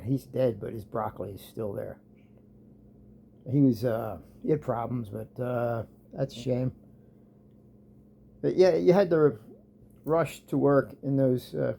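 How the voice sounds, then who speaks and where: A man's voice: fairly high pitch, warm tone. A man vlogging a rambling, sarcastic rant about an old job, often trailing off.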